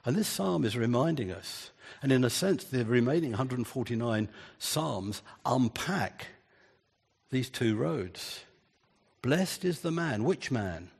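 Husky male preacher in a reverberant church. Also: medium pitch, expressive, takes it slowly, darkish tone. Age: older. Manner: earnest, builds emphasis with repeated phrases. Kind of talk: sermon.

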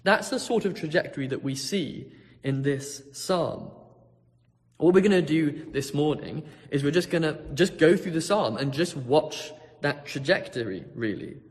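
Pastor guy giving a sermon, kinda high voice, big echoey church hall. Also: animated, measured pace. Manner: vivid storytelling with big swings between hushed and loud.

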